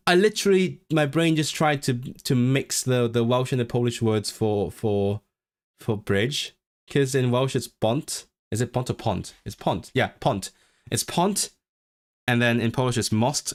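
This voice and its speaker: A young man talks casually to his livestream viewers, rambling and stopping to correct himself. Now and then he slows right down to read practice lines aloud with care. His voice sits at a medium pitch. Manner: rambling, self-correcting, chatty; reads practice sentences aloud slowly. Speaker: livestream host.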